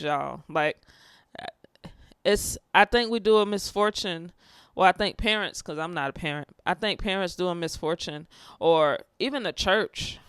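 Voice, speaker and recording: A woman's voice: on the low side, a bit bright, clear, resonant tone, no room sound, clean studio sound. Emotional young woman telling a personal story. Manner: candid and emotional, with fillers and restarts.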